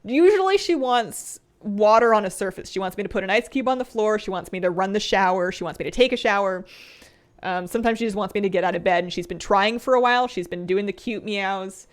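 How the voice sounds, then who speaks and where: A young adult woman streaming a game, chatting casually and rambling, often laughing and trailing off into soft mumbles. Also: mid-range voice, a little fast. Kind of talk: casual chat while gaming.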